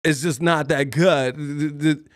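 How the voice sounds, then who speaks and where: A man's voice: fairly high pitch, fairly even intonation, slow, dry recording, clean studio sound. A man hosting a boxing live stream, joking and laughing often as he does impressions. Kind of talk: casual live-stream commentary.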